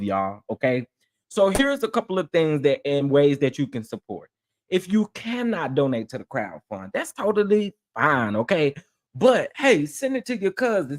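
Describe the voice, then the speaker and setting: A man hosting a casual live stream, talking in a sassy, animated way and repeating phrases for emphasis. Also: a little high. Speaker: livestream host.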